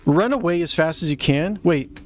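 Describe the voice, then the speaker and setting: A man's voice: fairly high pitch, animated, moderate pace, a little hiss or hum. Chatty, easily puzzled man streaming a game. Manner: confused, chatty reactions to the game. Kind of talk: live game playthrough commentary.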